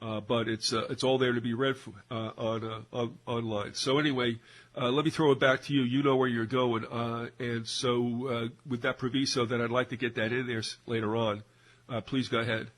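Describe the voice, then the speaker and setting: Male co-host, casual talk radio, halting delivery with many restarts, mid pitch. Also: flat delivery, a bit bright. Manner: rambling, many fillers and restarts.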